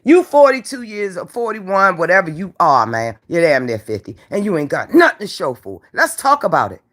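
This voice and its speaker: A woman's voice: fairly low pitch, very animated, brisk, fairly bright tone. A woman hosting an online commentary show, delivering a taunting, profane rant at a rival and repeating her catchphrases.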